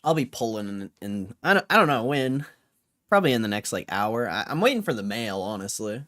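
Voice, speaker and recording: A man's voice: on the low side, very animated, a little fast, a bit bright. A young man hosting a livestream, chatting casually and reading viewer comments with a laid-back, rambling manner full of slang. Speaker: livestream host.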